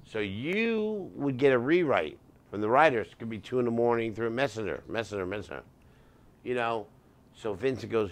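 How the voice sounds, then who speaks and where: A middle-aged man, a comedian guest in a studio, telling animated anecdotes with quick asides. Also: mid-range voice. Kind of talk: casual interview storytelling.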